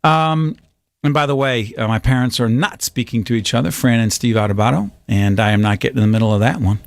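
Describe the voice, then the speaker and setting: A man hosting a call-in radio talk show, chatty and quick to laugh. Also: medium pitch, gravelly, no echo. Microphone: studio microphone.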